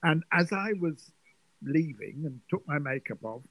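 An older man, a guest telling a lively showbiz anecdote and acting out the voices in it. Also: fairly high pitch, unhurried, vocal fry, no room sound, muffled recording. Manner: lively, acts out the voices in his stories. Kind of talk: storytelling anecdote.

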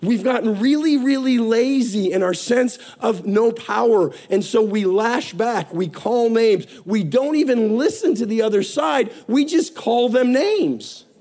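Middle-aged male preacher, raised pitch with a gravelly edge, fervent sermon delivery. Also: a little slow, few pauses. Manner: impassioned, rising and falling between hushed and emphatic.

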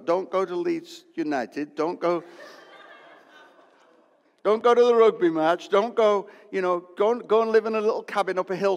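A man, preaching a lively, joking sermon in a church. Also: sits high. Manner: lively, joking, loud bursts. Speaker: pastor. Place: church hall. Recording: long hall reverb.

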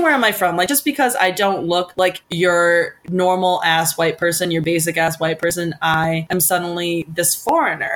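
A young woman in casual chat as a podcast co-host, animated and acting out the people she quotes. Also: lowish voice.

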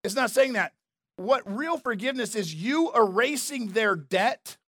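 A man's voice: very high voice, fairly bright tone, dry recording. A man preaching a sermon as a pastor, emphatic and conversational, repeating his key phrases. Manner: emphatic, repetitive, conversational preaching with asides to the crowd.

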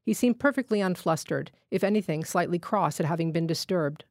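A woman reading a literary short story aloud in a measured, steady way at a studio microphone. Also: fairly low pitch, no echo. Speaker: guest reader.

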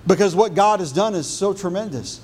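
A man preaching a sermon as pastor, building on repeated phrases and dropping low and soft for emphasis. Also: a little fast, a little hiss or hum.

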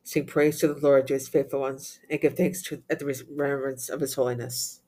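Guy reading psalms and prayers out loud, pretty monotone, steady chant, stumbles now and then. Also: mid-range voice, fairly quick. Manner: steady chanting recitation with slips and restarts. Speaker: prayer leader. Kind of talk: reciting liturgical prayers.

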